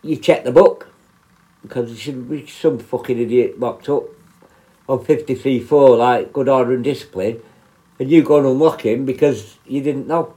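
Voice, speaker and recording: A man's voice: mid-range voice, normal speed, warm tone, poor audio. A man, a former prison officer hosting a podcast, telling work stories in a blunt, sweary, rambling way. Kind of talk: casual storytelling monologue.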